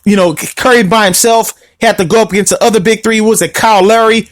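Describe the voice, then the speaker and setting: A man's voice: sits high, steady tone, fast, few pauses, a bit bright, no room sound, clean studio sound. A man hosting a casual solo podcast, rambling, repeating himself and often asking "you see what I mean?". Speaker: podcast host.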